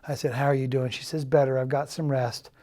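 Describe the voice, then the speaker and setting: A middle-aged man tells a personal story of loss at a church gathering. He speaks quietly and haltingly, stops often, and quotes what others said. His voice is heavy with emotion and breaks at times. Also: medium pitch, flat delivery. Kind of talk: personal testimony.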